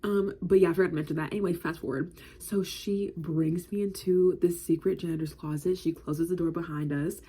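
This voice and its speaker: A woman's voice: fairly low pitch, fairly even intonation, fairly quick, hardly any pauses, dark tone, slightly rough. A woman in her twenties telling a casual storytime, chatty and slangy, with filler words in nearly every phrase.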